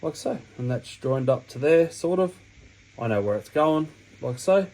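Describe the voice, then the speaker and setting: A man's voice: on the high side, expressive, normal speed, dark tone, rough recording. Sniffly Australian man talking a tutorial. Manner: rambling, chatty, self-correcting explanations. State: sniffly from a cold. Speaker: hobby channel host. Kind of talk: casual step-by-step tutorial. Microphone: camera mic while working.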